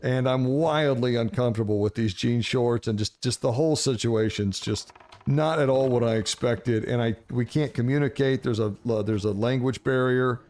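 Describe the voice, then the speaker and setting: Man, storyteller, casual and profane, mid-pitch, lively delivery. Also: moderate pace. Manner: animated, profane, laughing. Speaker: streamer telling a story.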